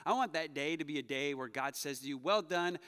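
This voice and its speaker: Um jovem pastor pregando um sermão, contando histórias com humor e exortando a congregação com ênfase crescente. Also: male voice, a little high, steady tone, fast talker, smooth. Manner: storytelling, joking, rising to loud urging. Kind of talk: sermon. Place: church sanctuary. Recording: long hall reverb.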